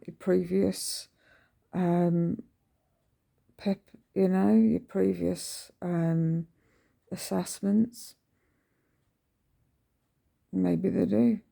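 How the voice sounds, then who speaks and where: A woman's voice: on the low side, vocal fry, mellow. A middle-aged woman vlogging at home in a rambling, chatty way, full of ums and restarts. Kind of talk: casual early-morning vlog chat. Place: at home indoors.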